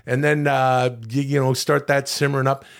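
A man playing a hearty, swearing Canadian home cook with a put-on Canadian accent and a gravelly voice, in a comic podcast bit. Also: medium pitch, level tone, moderate pace, natural voice. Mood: folksy. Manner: boisterous, swearing, folksy how-to patter. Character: hearty Canadian man cooking beans and kale. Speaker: podcast co-host.

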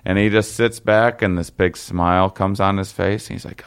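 Deep, gravelly young man rambling a story. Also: fairly even intonation. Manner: rambling, halting, many fillers and restarts, laughs while telling. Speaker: guest telling a story. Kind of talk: casual storytelling chat.

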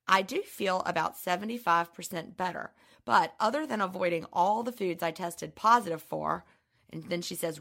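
A woman with a subtle Southern accent co-hosting a podcast, a bit hoarse, chatting and reading listener mail aloud. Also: fairly low pitch, sharp tone. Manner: chatty, laughs often, reads letters aloud. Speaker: podcast co-host.

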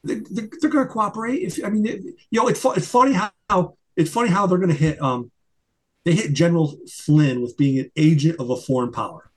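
Speaking a little fast in a higher, slightly mellow voice with a breathy edge, this middle-aged interview guest makes his points emphatically but stumbles and restarts often. He's a retired investigator and attorney in a conversational interview.

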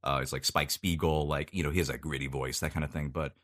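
A male voice actor, a podcast guest, talking casually and explaining at length with many pauses. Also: extremely low pitch, fairly even intonation, fairly bright tone.

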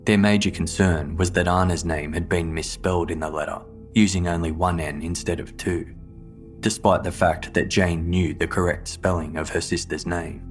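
A man narrating a true-crime story in a measured, grave, scripted manner. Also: low-pitched, steady tone, faint music behind.

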